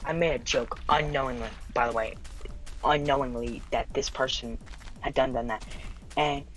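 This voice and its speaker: A woman's voice: very deep voice, fairly even intonation, normal speed, soft background music, poor audio. A teenage girl streamer telling a rambling story in casual chat, with lots of fillers and swearing. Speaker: game streamer.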